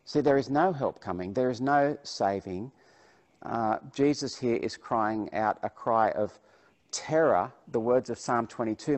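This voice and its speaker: Man, preacher, sermon, reads scripture aloud then explains it, medium-pitched voice. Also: animated, moderate pace, a little mellow. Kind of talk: sermon with Bible reading.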